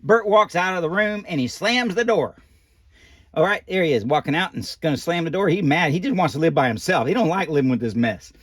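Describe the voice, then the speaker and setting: A man's voice: on the high side, lively intonation, a little fast, dry recording, studio quality. Een praatgrage oude animatronic-pop, gespeeld door een man, leest een prentenboek voor en dwaalt steeds af met volkse opmerkingen. De stem is hoog en springt levendig op en neer. Droog en dichtbij opgenomen. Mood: chatty. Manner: folksy, rambling asides, loose grammar. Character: folksy old male animatronic doll storyteller. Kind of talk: reading a children's picture book aloud.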